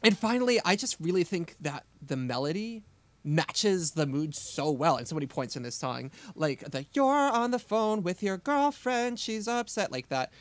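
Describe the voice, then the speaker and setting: A man's voice: fairly high pitch, dry recording. A man co-hosting a podcast, casually and keenly picking apart song arrangements and melodies, with lots of "like" and "um" fillers. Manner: enthusiastic, analytical, many fillers. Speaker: podcast co-host. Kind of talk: casual music analysis chat.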